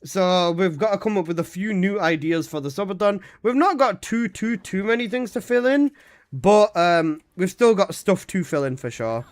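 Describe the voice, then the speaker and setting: High-voiced young man chatting on stream. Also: moderate pace. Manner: reads chat aloud and answers with swearing and laughs. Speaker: game streamer. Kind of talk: casual live-stream chat.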